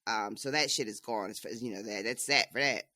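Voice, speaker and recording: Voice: medium pitch, quick pace, bright, forceful tone, no echo. A podcast co-host casually recapping book chapters, laughing often.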